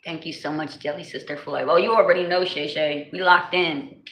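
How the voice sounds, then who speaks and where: A woman with a New Jersey accent chatting casually with viewers on her livestream, animated and laughing often, full of slang. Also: deep voice, fairly quick. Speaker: livestream host. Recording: echoey room with faint noise.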